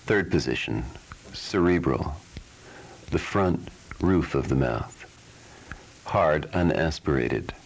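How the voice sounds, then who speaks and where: Slow, measured man teaching a taped lesson. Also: rumbling low, animated, low-quality recording. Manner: slow, measured, chants drill syllables. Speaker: language teacher. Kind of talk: recorded audio lesson.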